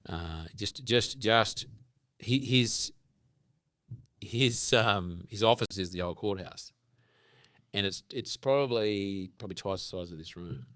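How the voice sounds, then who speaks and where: An Australian man telling animated stories and sometimes swearing as a podcast guest. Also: on the low side, takes it slowly, dry recording, clean studio sound. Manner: animated storyteller, casual swearing. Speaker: guest farmer. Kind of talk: casual podcast conversation.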